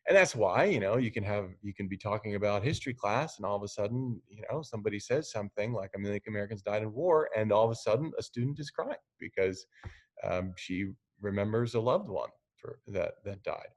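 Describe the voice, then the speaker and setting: A man's voice: lowish voice, lively intonation, a little fast. A middle-aged man lecturing in a conversational way, explaining ideas with everyday examples and light teasing. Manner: conversational, teasing, with fillers and restarts. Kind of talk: recorded lecture.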